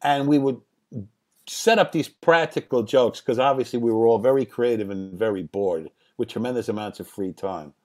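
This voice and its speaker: Animated older man telling stories. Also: mid-range voice. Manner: animated, swears casually, laughs at own stories. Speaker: guest, screenwriter and director. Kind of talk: anecdotal interview storytelling.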